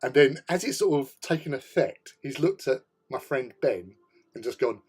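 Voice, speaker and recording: A man's voice: medium pitch, expressive, moderate pace, darkish tone, husky. A middle-aged British man hosting a hobby chat, telling a rambling story, laughing often and swearing casually. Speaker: hobby channel host.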